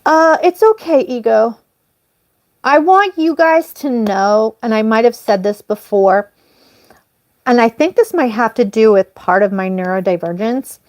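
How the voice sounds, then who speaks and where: A woman hosting a casual live stream, talking in a rambling, apologetic way and jumping up in pitch when she stresses a point. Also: unhurried, no echo, studio quality. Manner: animated, jumps up in pitch on emphasis. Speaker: livestream host.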